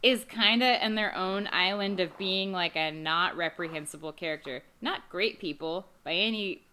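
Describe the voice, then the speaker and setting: A woman's voice: fairly low pitch, moderate pace, pushed and bright, smooth. A woman co-hosting a casual movie-review podcast, wry and chatty, often laughing. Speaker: podcast co-host.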